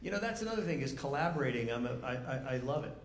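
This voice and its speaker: A man, a film director as guest, talking in an onstage festival discussion, halting with many restarts and frequent laughs. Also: medium pitch, expressive. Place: festival event venue. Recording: echoey room, faint noise.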